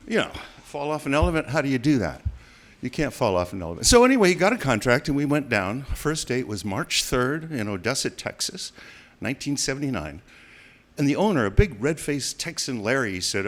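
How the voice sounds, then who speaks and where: Lively older man telling a story. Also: mid-range voice, fairly quick. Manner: animated, acts out quoted voices, laughs. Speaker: storyteller guest. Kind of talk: live spoken storytelling.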